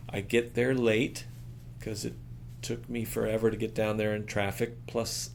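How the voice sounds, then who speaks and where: Gravelly-voiced drummer telling a story. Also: male voice, fairly low pitch, slight background noise. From United States. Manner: acts out the people in his stories, voice jumping up for quoted lines. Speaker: drummer and interview guest. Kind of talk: animated storytelling in casual chat.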